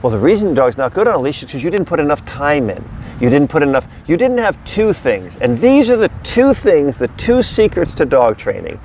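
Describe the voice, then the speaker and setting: A man's voice: fairly high pitch, big pitch swings, fairly quick, darkish tone, a little hiss or hum. A middle-aged man, a dog trainer, talking casually to a camera someone else holds outdoors, with an emphatic, repetitive coaching delivery. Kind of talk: casual instructional talk to camera. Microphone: camera held by another person.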